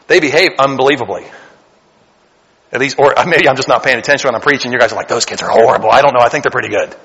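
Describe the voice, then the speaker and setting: Bright-voiced man preaching in a reverberant hall. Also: mid-range voice, fast, breathy edge, highs cut off. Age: 40s. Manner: conversational preaching with rising, emphatic bursts. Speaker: pastor. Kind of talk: sermon. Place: church sanctuary.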